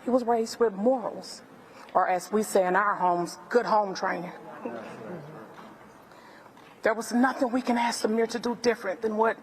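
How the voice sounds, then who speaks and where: A woman's voice: medium pitch, moderate pace, a little hiss or hum. A middle-aged woman with a Southern US accent, giving an impassioned public speech as a family friend. She talks emphatically and repeats phrases for effect. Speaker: family friend speaking at press conference. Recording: long hall reverb.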